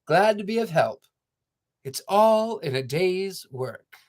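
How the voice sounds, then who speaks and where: A man voicing a big, kindly trailer truck in a storybook reading, calm and reassuring. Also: high voice, slow, pitched above the performer's own voice.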